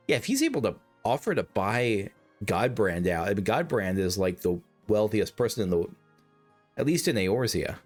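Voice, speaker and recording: Hoarse low-voiced male game streamer. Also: sing-song, normal speed, darkish tone, faint music behind. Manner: rambling, self-interrupting. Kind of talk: let's play commentary.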